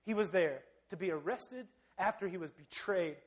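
High-voiced conversational male preacher. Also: normal speed. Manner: conversational and animated, addressing listeners directly. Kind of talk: sermon.

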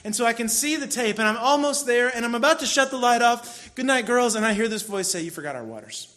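High-voiced man telling a candid sermon story. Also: steady tone, a little fast, fairly bright tone. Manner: conversational storytelling with bursts of mock frustration. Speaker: pastor.

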